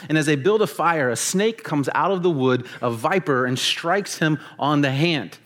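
A man preaching a casual, animated sermon to teenagers, joking with them and acting out the stories he tells. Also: a little high, moderate pace. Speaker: youth pastor.

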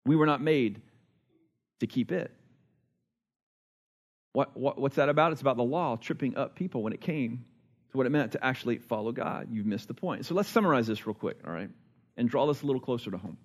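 A man's voice: mid-range voice, lively intonation, fairly quick, pauses often. A man preaching a sermon in a conversational way, often repeating words and chuckling. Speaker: pastor.

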